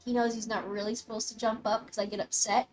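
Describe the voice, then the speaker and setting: A young woman streaming a game, chatting casually with her viewers in a bubbly, excitable way, often breaking off to talk to her dog. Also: on the high side, fast, soft background music. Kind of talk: casual live-stream chat reading comments. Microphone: desk mic, dog close by.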